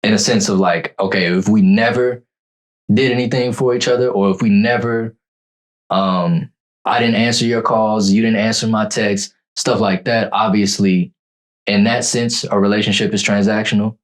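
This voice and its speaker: Very deep-voiced man, halting. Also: steady tone. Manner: halting, many fillers and restarts. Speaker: podcast co-host. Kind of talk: casual chat.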